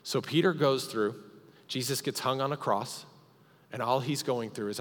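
A man's voice: mid-range voice, fairly quick, fairly bright tone. A male pastor preaching a sermon at a live church service, retelling a story dramatically with emphatic repetitions. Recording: long reverb of a church hall.

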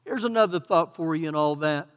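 Texan male pastor, high-pitched, loud-to-quiet preaching, church reverb. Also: fairly quick. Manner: preaching with swings from loud emphatic bursts to quiet asides. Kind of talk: sermon. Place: church sanctuary.

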